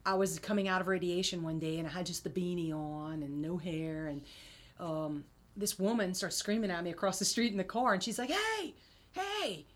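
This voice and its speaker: A woman telling her story as an interview guest, chatty and animated. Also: brisk. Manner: chatty, animated, rises high when quoting others. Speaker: singer and guest.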